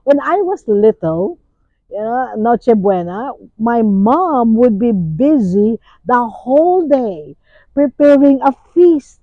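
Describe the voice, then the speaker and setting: An older woman from the Philippines, hosting and sharing memories in a slow, musing way with many fillers. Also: on the high side, lively intonation, no room sound. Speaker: host. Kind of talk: casual reflective talk. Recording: tinny phone-like sound.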